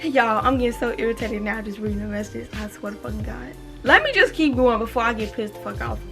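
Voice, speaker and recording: A young woman, telling a storytime on her vlog in an animated way, swearing freely and reading text messages aloud. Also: on the high side, fast, over music. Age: 20s. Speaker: vlogger. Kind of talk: casual storytime.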